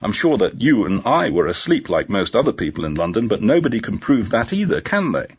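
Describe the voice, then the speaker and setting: A man's voice: fairly low pitch, very animated, a little fast, breathy edge, no room sound, pitched above the performer's own voice, exaggerated voice. A man voicing a dry-humored woman police inspector in a storybook reading, teasing and wry, on a dull lo-fi recording.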